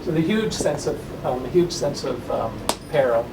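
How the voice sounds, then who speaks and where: A man leading a classroom workshop with slides, talking in halting phrases with frequent fillers and restarts. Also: mid-range voice, expressive. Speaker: workshop leader. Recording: noisy room recording.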